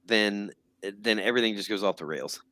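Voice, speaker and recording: A man's voice: fairly low pitch, fairly quick, bright, forceful tone, no echo. A man co-hosting a podcast, telling stories in casual conversation. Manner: storytelling, conversational. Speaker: podcast co-host. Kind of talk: casual chat.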